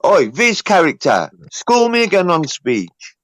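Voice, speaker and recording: A brash man on a livestream panel who mocks and swears heavily. His fairly high voice sounds dry and close, with no room around it. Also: sing-song, unhurried, no echo, low-quality recording. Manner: brash, mocking, heavy swearing. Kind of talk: casual banter.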